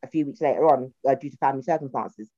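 Young South London woman, comedian, low and mellow voice, chatty and animated, dry dull video-call sound. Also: rapid-fire, breathy edge, no room sound. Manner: chatty, animated, laughs often, slips into mocking voices. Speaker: guest, comedian. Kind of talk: casual interview chat.

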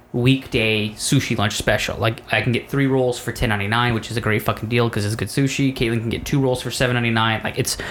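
A man's voice: mid-range voice, fairly bright tone, a little hiss or hum. A man on a podcast telling a long story about an argument, swearing often and sounding fed up as he quotes both sides. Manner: profane, exasperated, recounts arguments in quotes. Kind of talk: casual storytelling rant.

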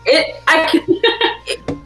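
A woman's voice: drawn-out words, sharp tone, faint music behind. A woman player at a tabletop game, chatting in a hesitant way. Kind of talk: casual chat at the gaming table.

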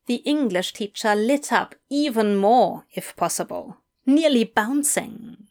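A woman reading fiction aloud as narrator, with unhurried, expressive storytelling. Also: a little high.

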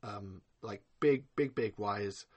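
A man's voice: lowish voice, slow, darkish tone, slightly rough. A young man hosting a podcast, ranting angrily and profanely on a live stream, repeating curses and trailing off mid-sentence. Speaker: podcast host. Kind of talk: angry live-stream rant.

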